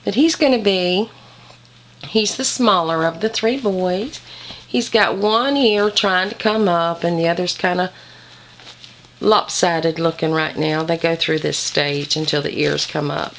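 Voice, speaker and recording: Lady cooing baby talk at puppies, gravelly voice, home camera, faint hiss. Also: low voice. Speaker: dog breeder. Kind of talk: home video narration.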